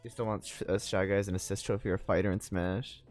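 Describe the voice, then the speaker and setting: A man's voice: low-pitched, fairly even intonation, brisk, a little mellow, faint music behind. A man co-hosting a casual gaming chat, joking and teasing, rambling with lots of fillers. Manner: joking, teasing, laughs often. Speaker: let's play co-host.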